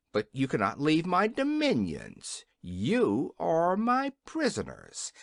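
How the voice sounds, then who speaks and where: Guy reading a gnome king, bossy and low, barking threats in a storybook, dry close sound. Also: a bit bright, no echo, heavily acted. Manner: commanding, threatening. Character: blustering gruff male gnome king.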